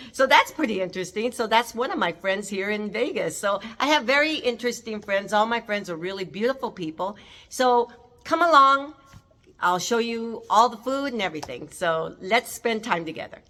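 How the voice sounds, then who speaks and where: A woman's voice: fairly high pitch, expressive, normal speed, sharp tone. A woman chatting casually to her viewers in a home vlog, filmed in her courtyard by a relative, rambling with frequent fillers. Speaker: cooking vlogger hosting a house tour. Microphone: camera held by her nephew.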